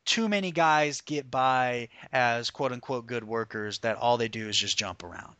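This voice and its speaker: A man hosting a podcast, ranting in a profane, animated, opinionated way. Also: medium pitch, no echo. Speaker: podcast host. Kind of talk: casual podcast rant about wrestling.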